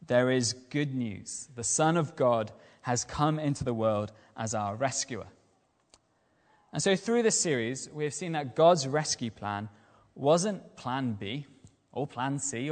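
A man giving a lively evening sermon as a lay preacher, using rhetorical questions and repetition. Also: medium pitch, in a large hall. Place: church.

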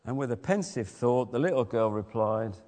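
A man's voice: mid-range voice, expressive, normal speed, dark tone. Male preacher, mid-range voice, storytelling sermon delivery with questions to the congregation, reverberant hall sound. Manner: storytelling, asks the listeners questions.

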